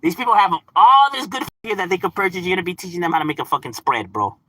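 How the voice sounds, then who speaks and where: Streamer, male, high husky voice with a lot of lilt, profane laughing rant. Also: expressive, very fast, pushed and bright, no room sound. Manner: profane, slangy, laughing, mock-exasperated. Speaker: game streamer. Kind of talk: casual live-stream rant.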